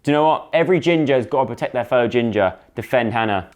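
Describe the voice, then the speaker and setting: A young man, reading a story game aloud and commenting, jumping into character voices. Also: fast. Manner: animated, voices each character with big pitch jumps. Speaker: gaming YouTuber.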